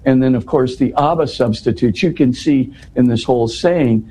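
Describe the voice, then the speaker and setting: Guy explaining bible stuff in an interview, warm mellow voice, keeps asking right?, faint hiss behind him. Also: mid-range voice, normal speed, poor audio. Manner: animated teacherly explaining, checking in with "right?". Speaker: interview guest explaining scripture.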